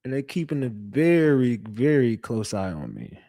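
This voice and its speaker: A man's voice: medium pitch, very animated, normal speed, dark tone, dry recording, studio quality. A man hosting his own online show, telling stories to his viewers in a casual, profane, rambling way. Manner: profane, rambling, conversational storytelling.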